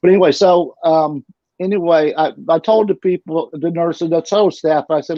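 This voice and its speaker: A man's voice: a little high, moderate pace, dark tone, dry recording. A middle-aged man telling his story casually as an interview guest, rambling and often repeating and restarting his words. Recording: dull lo-fi recording.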